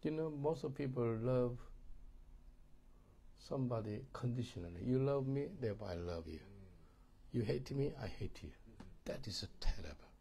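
A man's voice: mid-range voice, normal speed, warm tone, slightly rough. A middle-aged man with a Korean accent, a pastor teaching a marriage course in sermon style, emphatic and repetitive, often checking that listeners understand.

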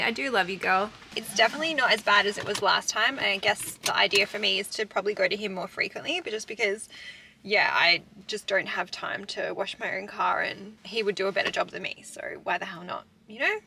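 A woman's voice: mid-range voice, pushed and bright. A young Australian woman chatting casually and upbeat to the camera in a vlog. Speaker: vlogger. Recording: clear background noise.

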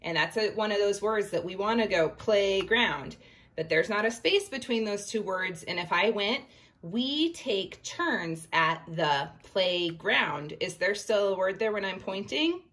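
A woman's voice: mid-range voice, a bit bright. A woman teacher giving a reading lesson to young children, reading a book aloud word by word in an encouraging way. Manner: encouraging, slow read-aloud pointing at each word.

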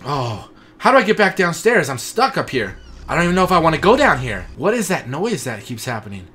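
A man commentating his own horror game playthrough, jumpy and excitable, swinging from nervous mutters to panicked yelps. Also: a little high, brisk, noisy background. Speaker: gaming channel host.

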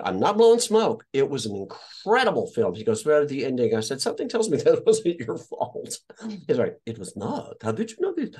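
A man from Indiana, an actor appearing as an interview guest, tells stories casually in a mid-range, slightly mellow voice. He swears freely and acts out the voices of the people he quotes.

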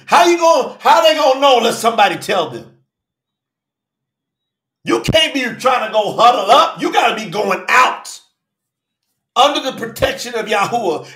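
A man preaches a fervent livestream sermon in a high, lively voice that swoops up and down. He often shouts and calls out his viewers by name. His bright voice carries a roomy echo. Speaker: preacher and channel host.

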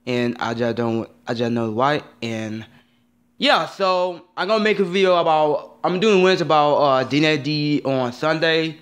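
A man's voice: fairly high pitch, steady tone, unhurried, a bit bright. A man ranting in a vlog, upset and rambling, repeating himself and swearing often. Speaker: vlogger.

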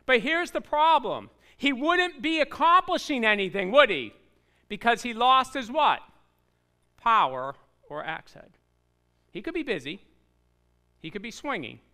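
Bright, animated preaching man. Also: high-pitched, clean tone. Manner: animated storytelling with voiced asides and rhetorical questions. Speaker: pastor. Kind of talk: sermon. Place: church sanctuary.

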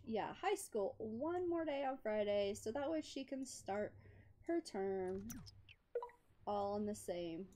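A woman with a fairly high, warm voice provides casual commentary while playing a life-sim game. As a gameplay commentator, she chats to her character and laughs often.

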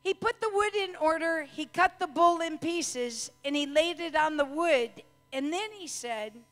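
A woman preaching a sermon with fervor, building to shouts and slow, drawn-out declarations. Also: high-pitched, animated, faint music behind. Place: church hall. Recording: long hall reverb.

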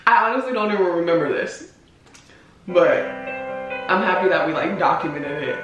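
A woman's voice: fairly low pitch, animated, normal speed, far from the mic, highs cut off, music in the background. Emotional young woman, echoey and off-mic. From United States. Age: 20s. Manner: chatty, emotional, laughing and near tears. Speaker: vlogger. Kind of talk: emotional reaction vlog commentary.

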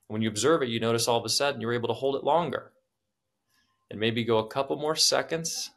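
A man guiding a breathing exercise, calmly coaching and counting breaths aloud. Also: medium pitch, quick pace. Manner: soothing meditative guidance. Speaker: breathwork guide. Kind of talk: guided breathing instruction.

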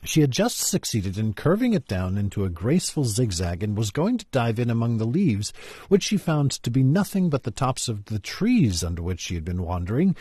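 A man reading a children's classic aloud in an expressive, storytelling way. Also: mid-range voice, slightly rough, no room sound.

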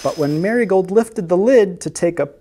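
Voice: medium pitch, expressive, normal speed, mellow, slight background noise. A library storyteller reading picture books aloud to children, who asks the listeners questions and explains words along the way.

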